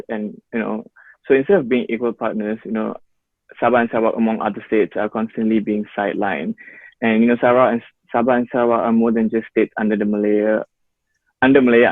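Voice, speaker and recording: Fast, flat-voiced man on a tinny line. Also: fairly low pitch, no echo. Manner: quick, flat, leans on "you know". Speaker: interviewer. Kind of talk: casual interview talk.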